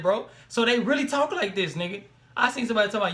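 A man's voice: sits high, very fast, hardly any pauses. A young man hosting a reaction video, talking in loose slang, exclaiming and laughing as he comments. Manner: animated, slangy, exclaims and laughs between remarks.

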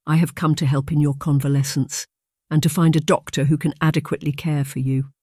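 Gentle quiet young lord, read by a man, polite, dry audiobook voice. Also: on the high side, level tone, fairly quick, no echo, lightly acted. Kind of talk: audiobook character reading.

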